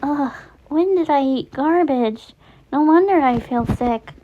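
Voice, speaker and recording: A woman's voice: high-pitched, slow pace, slight background noise, voice pushed up. A woman doing a sweet, chirpy chicken girl. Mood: groggy. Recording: dull lo-fi recording.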